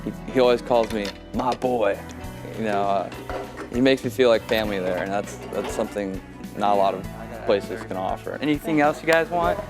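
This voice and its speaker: A teenage high school boy speaking casually in a profile interview, relaxed and modest. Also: normal speed, music in the background. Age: teens.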